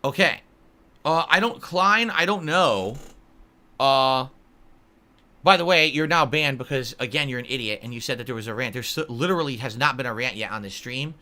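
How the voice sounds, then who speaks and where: A man's voice: medium pitch, expressive, normal speed, bright, forceful tone. A man in his early forties answering live chat on a stream, blunt and easily irritated, calling viewers idiots. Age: 40s.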